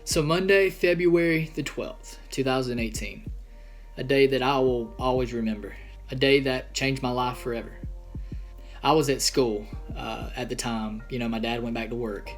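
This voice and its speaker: A young man in a personal vlog, telling a painful family story in an earnest, halting way with many pauses. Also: mid-range voice, faint music behind. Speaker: vlogger.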